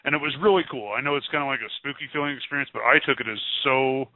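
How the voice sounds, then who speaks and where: A man tells a spiritual story on a call-in broadcast, eager and rambling, doubling back on his words. His voice is mid-pitched and comes through a thin, phone-like line. There is no room echo. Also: very fast. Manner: excited, rambling storyteller with many restarts. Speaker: call-in show co-host. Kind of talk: casual religious testimony. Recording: tinny phone-line radio sound.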